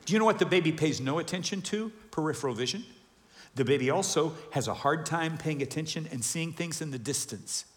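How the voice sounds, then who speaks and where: A man preaching a sermon to a congregation, animated, asking questions and acting out voices. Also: a little high, brisk. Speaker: pastor. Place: large church hall with congregation. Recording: long hall reverb.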